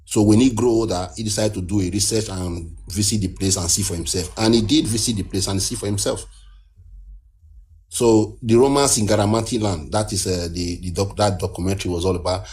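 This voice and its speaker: A man speaks in a fairly low voice. He talks earnestly and at length in a casual discussion, and he often restarts his phrases as he explains a point. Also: brisk, darkish tone. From Nigeria. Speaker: guest caller.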